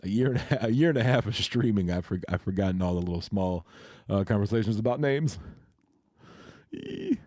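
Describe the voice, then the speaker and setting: A man's voice: fairly low pitch, fast, mellow, dry recording. A man chatting casually on a crypto livestream, hesitant and full of fillers and restarts.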